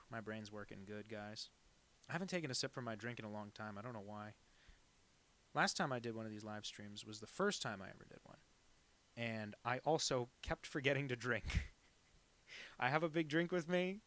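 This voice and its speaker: A man's voice: mid-range voice, moderate pace, fairly bright tone. A man chatting casually on a live stream while drawing, rambling and self-deprecating with lots of asides. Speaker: cartoonist streaming a drawing session.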